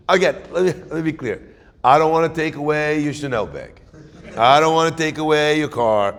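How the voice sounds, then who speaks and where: A man giving a conversational sermon as a rabbi, asking his listeners questions. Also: a little high. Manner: conversational, animated, asks the audience questions. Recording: hall reverb.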